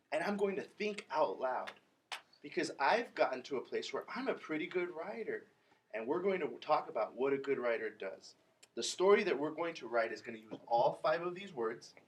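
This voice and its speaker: A woman's voice: deep voice, animated, moderate pace. A female teacher leading a vocabulary lesson for second graders, encouraging them with questions. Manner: encouraging, prompting children with questions. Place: classroom with children. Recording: noisy classroom full of children. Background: children chattering.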